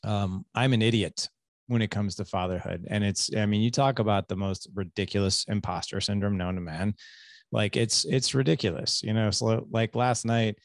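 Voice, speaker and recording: A man's voice: on the low side, steady tone, moderate pace, no room sound, studio quality. A man in his forties hosting a podcast interview, telling a candid, self-deprecating story from home life. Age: 40s. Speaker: podcast host.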